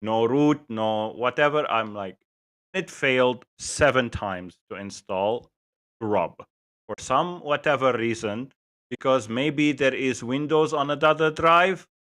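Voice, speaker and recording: A man co-hosting a tech podcast, talking in a halting way with many pauses and fillers. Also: medium pitch, a bit bright. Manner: halting, hesitant, lots of fillers. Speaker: podcast co-host. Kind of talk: casual podcast chat.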